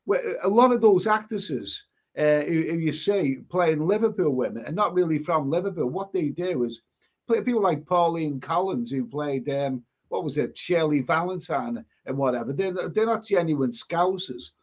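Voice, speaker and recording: A man with a fairly high voice runs a casual live stream, reading viewer comments aloud in an expressive way at a moderate pace. He rambles, repeating words and restarting sentences, and the audio sounds dull and lo-fi.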